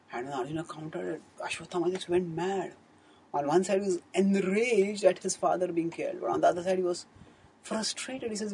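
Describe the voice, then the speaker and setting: A man's voice: on the high side, gravelly, a little mellow, a little hiss or hum, rough recording. A man giving a scriptural storytelling discourse as a spiritual teacher, in an earnest manner, often correcting himself. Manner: earnest, fluent retelling with frequent self-corrections.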